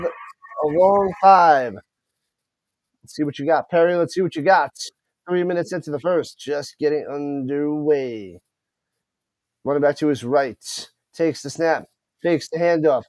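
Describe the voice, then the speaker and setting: A man's voice: on the high side, a little slow, pauses often, no room sound. A man streaming live play-by-play of a football game, talking to his chat and tripping over unfamiliar player names. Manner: excited commentary, chats with viewers, stumbles over names.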